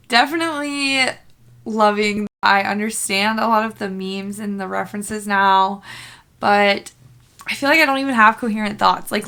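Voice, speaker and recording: A woman's voice: mid-range voice, pushed and bright, clear, resonant tone. A young woman chatting in a casual book vlog, bubbly and rambling, full of fillers and laughter. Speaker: book vlogger. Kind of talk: casual reading-reaction vlog.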